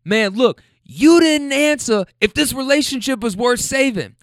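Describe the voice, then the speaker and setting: A man voicing an angry young man in a heated argument, loud and swearing with his voice raised. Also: very high-pitched, animated, unhurried, dry recording, studio quality, pitched above the performer's own voice, full character voice. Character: angry young man yelling during a fight.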